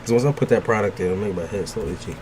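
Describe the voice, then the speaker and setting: A man's voice: on the low side, racing, darkish tone, a little hiss or hum. A man giving a tarot reading on a livestream in casual chat with viewers, loose, joking and profane, blunt with his advice and laughing often. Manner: blunt, gives frank advice.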